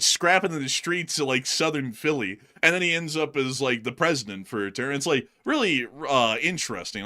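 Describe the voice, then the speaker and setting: Male host, chatty rambler, stammers, bright forward tone. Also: mid-range voice. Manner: rambling, filler-heavy, stammers. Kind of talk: casual chat.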